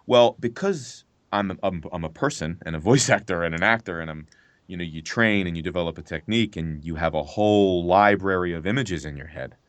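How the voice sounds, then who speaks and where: Animated low-voiced man telling stories. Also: brisk, dry recording. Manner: animated storyteller, swears freely, acts out his own reactions. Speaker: voice actor guest. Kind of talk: casual podcast interview.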